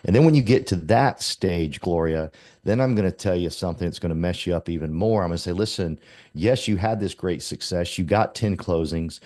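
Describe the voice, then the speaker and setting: A man's voice: on the low side, mellow. A man hosting a group video call, giving an impassioned motivational talk and acting out quoted feelings. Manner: impassioned, preachy, acts out quotes. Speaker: meeting host.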